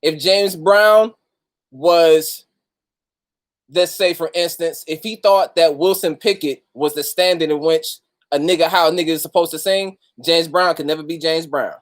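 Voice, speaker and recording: With a fairly high pitch and a measured pace, a man runs a casual livestream talk. He says hello to viewers by name and speaks loosely, mixing in street slang and frequent profanity.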